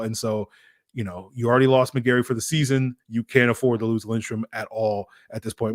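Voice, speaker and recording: A man's voice: medium pitch, no echo, studio quality. A man hosting a sports podcast, breaking down a game in a chatty, rambling, self-mocking way. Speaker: podcast host. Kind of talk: casual sports analysis.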